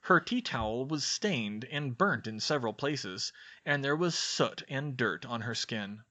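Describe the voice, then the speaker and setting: A man reading a story aloud in a steady, even narration. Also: medium pitch, unhurried. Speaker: audiobook reader.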